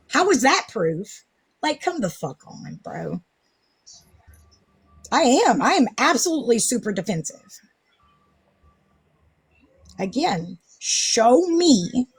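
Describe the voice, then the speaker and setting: Woman live-streaming, defensive and sarcastic, swears a lot, husky and breathy, fairly high voice. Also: very animated, measured pace, long pauses, dry recording. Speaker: livestream host. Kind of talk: casual live-stream chat.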